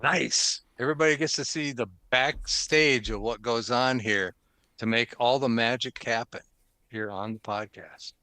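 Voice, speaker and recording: An upbeat, chatty man hosts a podcast and laughs easily between points. His voice is bright and forceful, with a crisp, resonant clarity. It is recorded dry, with almost no room sound. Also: mid-range voice, measured pace, no echo. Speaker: podcast host. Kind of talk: casual podcast chat and show intro.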